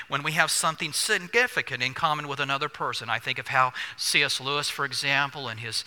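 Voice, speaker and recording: An older man preaches a sermon with a very bright, forceful voice. He speaks earnestly, leaning on key words and pausing after them. Long reverb carries his voice through a large hall. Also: medium pitch. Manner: earnest preaching with stresses and pauses. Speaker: pastor.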